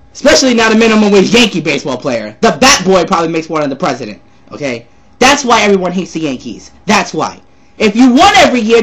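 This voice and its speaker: High-voiced guy yelling a sports rant, swoops up and down a lot, voice a bit sore from screaming. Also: slightly rough. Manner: loud, profane, repetitive ranting. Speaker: sports ranter. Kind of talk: angry sports rant vlog.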